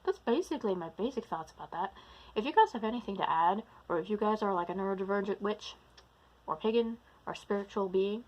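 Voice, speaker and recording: A woman's voice: medium pitch, expressive, brisk, muffled recording. A woman vlogging to her camera, slipping into a put-on British-like accent, rambling, losing her train of thought and restarting. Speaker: vlogger, practicing witch and druid. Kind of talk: casual talking-to-camera vlog. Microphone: camera recording herself.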